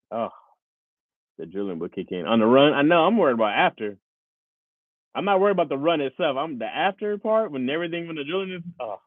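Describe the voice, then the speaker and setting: A man in his thirties chatting casually with viewers on a live stream. He is animated and laughs often. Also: no echo. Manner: animated, laughs often, jumps into high voices. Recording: tinny phone-like, dry.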